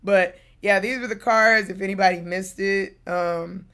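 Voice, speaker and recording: Woman, streamer, casual story, crisp bright voice, laughing, stumbles over words. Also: medium pitch, a little slow. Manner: laughing, animated retelling with acted-out quotes; trips over words and restarts.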